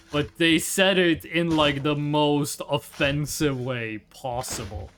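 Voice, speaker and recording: Young male streamer, high and animated, casual profane storyteller. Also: takes it slowly, hardly any pauses. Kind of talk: casual chat while gaming.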